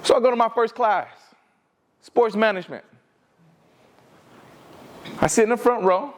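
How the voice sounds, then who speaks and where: A young man from Detroit giving a motivational talk, telling his own story in an emphatic way that swings between loud and hushed. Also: high-pitched, measured pace. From Detroit, USA. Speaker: motivational speaker. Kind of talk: personal storytelling speech.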